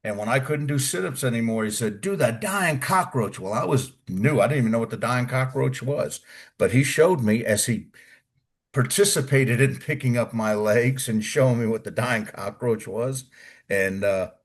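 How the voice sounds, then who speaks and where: A man's voice: medium pitch, normal speed. Man telling profane Army stories. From United States. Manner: colorful, profane, acts out quotes. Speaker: interview guest, retired Army Ranger. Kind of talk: casual storytelling.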